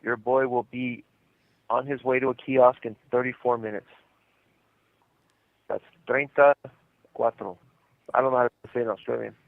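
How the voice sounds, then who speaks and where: A man's voice: mid-range voice, fairly even intonation, moderate pace, gravelly, pauses often, no room sound. Joking man on a muffled prison phone. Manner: joking, laughs often, many fillers. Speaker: podcast co-host calling from prison. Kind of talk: casual chat on a phone call. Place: prison day room phone. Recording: dull lo-fi phone line.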